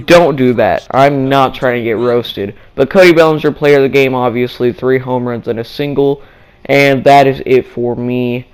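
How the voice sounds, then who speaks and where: A man's voice: mid-range voice, steady tone, moderate pace, smooth, low-quality recording. A young man giving casual, playful commentary over his own gameplay, acting out his thoughts in mock-dramatic asides.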